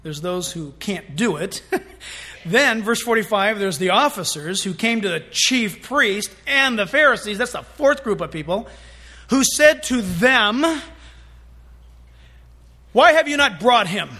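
A male pastor delivering a sermon in church. His voice sits very high for a man and rings bright and forceful. He talks animatedly, slipping into little acted-out voices. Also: a little slow. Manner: animated, acts out scenes in voices.

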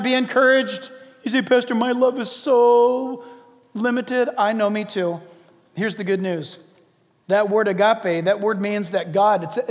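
A man preaching a sermon as pastor, in a lively conversational way with acted asides. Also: very high-pitched, big-room sound.

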